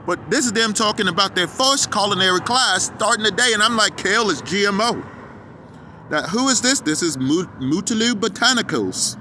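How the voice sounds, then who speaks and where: A man's voice: sits high, expressive, a little fast, hardly any pauses, pushed and bright. A man ranting in a profane, heated, rambling commentary for his vlog, recorded outdoors by a street. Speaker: vlogger. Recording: street traffic noise behind. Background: passing cars.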